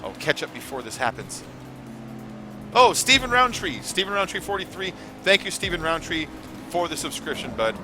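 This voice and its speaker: A man's voice: fairly high pitch, sing-song, normal speed. A man chatting casually on his live gaming stream, rambling and swearing now and then, with music playing behind him. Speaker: gaming livestreamer.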